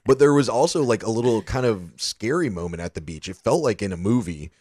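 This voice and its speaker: A man's voice: fairly low pitch, expressive, fairly quick, a little mellow, no echo, clean studio sound. A man co-hosting a podcast, telling trip stories in a loose, chatty way with plenty of fillers and swearing. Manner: loose storytelling, swears freely, lots of fillers. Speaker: podcast co-host. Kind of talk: casual chat.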